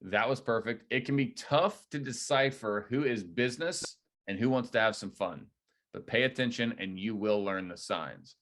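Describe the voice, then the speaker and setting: A man leading a real estate agent training, coaching in a direct, energetic way. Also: fairly low pitch, moderate pace. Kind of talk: training debrief talk.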